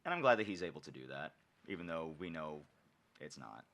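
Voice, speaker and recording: A man's voice: extremely low pitch, very animated, fairly quick, fairly bright tone. A man chatting casually on a podcast, hesitant, full of ums, often trailing off mid-thought. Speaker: podcast co-host.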